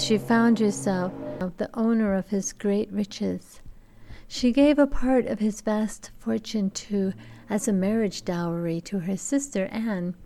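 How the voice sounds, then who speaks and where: A woman lecturer reads a fairy tale aloud at a slow, measured pace. Her voice sits at a middle pitch and stays deliberate throughout. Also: dark tone.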